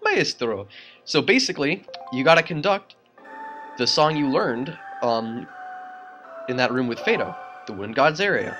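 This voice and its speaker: Excitable man narrating a game. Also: medium pitch, normal speed, soft background music, low-quality recording. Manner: excitable, laughs often, rambling. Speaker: let's play host. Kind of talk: casual gameplay commentary.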